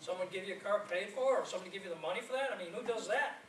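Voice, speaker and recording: A man's voice: high-pitched, racing, a little hiss or hum. A man preaching as an evangelist, telling stories and laughing through a sermon. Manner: storytelling preacher, lively and laughing. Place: church sanctuary. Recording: echoey church from a distance.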